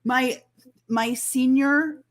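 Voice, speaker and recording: A woman guest telling a story in casual chat, animated and acting out the lines of others. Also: high voice, drawn-out words. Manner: animated, acts out quoted dialogue.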